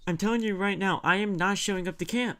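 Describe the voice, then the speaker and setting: A young man chatting casually about a video game, animated, restarting his sentences and acting out scenes. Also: sits high, fast, a crowd in the background. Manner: animated, stammering restarts, laughs a lot, acts out scenes. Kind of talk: casual gaming chat.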